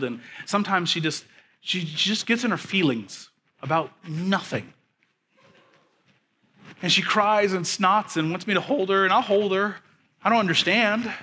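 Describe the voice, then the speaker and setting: Bright, high-voiced man preaching a sermon. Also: a little hiss or hum. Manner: preaching with rising, emphatic repetition; drops to a soft, quiet storytelling voice. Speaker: pastor.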